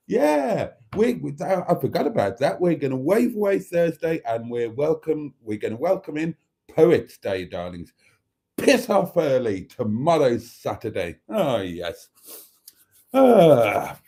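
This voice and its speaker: Camp, slow-talking man. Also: a little high, warm tone. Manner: camp and theatrical, swooping voice, calls viewers darlings. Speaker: live-stream host. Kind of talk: chatty live-stream hosting.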